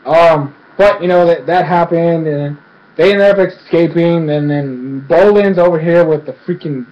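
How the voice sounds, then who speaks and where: A man giving an excited, rambling casual recap as a show reviewer, filling his speech with "freaking" and "like". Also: fairly high pitch, measured pace. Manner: rambling, excitable, fills speech with 'freaking' and 'like'. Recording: dull lo-fi recording.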